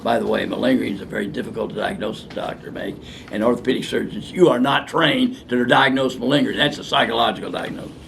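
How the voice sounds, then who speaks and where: Gravelly older man in a fiery profane rant. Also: medium pitch, quick pace, a bit bright, slight background noise. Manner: blunt, fiery and profane, ranting. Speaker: physician answering viewer questions. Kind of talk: unscripted question-and-answer talk.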